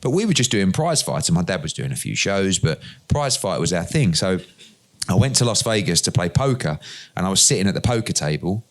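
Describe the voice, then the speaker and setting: A middle-aged man, an interview guest, telling lively anecdotes and acting out the dialogue in them. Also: low-pitched, fairly quick. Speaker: interview guest, boxing promoter. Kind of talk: conversational storytelling.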